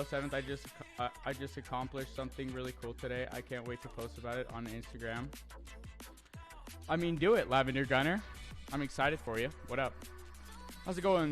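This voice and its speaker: A man's voice: mid-range voice, fairly bright tone. A young man streaming live, reading chat aloud and answering in a brash, profane way with lots of stammered restarts.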